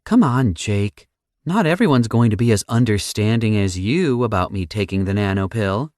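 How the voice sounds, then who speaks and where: A man's voice: fairly low pitch, animated, moderate pace, a little mellow, no echo, voice pushed up, close to an everyday voice. A blunt, sarcastic young woman from a survival audiobook, as a man puts her on. The voice sits well above his own range and teases freely. It is recorded close and dry, with no room sound. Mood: wry. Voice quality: teasing, blunt. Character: sarcastic anxious young woman, little sister. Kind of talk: audiobook character voice.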